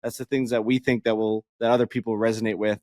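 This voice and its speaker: A man co-hosting a podcast, telling a story in casual chat, animated and profane, acting out the people he quotes. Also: on the low side, fast talker, no echo, studio quality. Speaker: podcast co-host.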